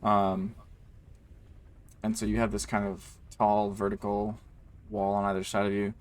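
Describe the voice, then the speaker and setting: As game master, a man with a lowish voice narrates a tabletop game in a loose, rambling way full of ums and likes. His delivery is flat and his pace measured.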